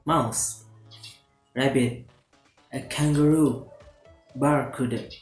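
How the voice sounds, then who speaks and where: As a student presenting a class assignment, a man reads a phonology lesson aloud in a steady, scripted way, stumbling and restarting now and then. His mid-range voice takes it slowly, echoing in a roomy space over faint background music.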